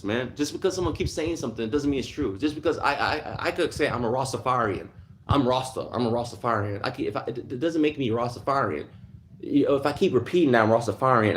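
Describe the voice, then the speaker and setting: A man's voice: mid-range voice, slight background noise. A man hosting a livestream, ranting heatedly in a casual monologue and answering chat. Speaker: livestream host.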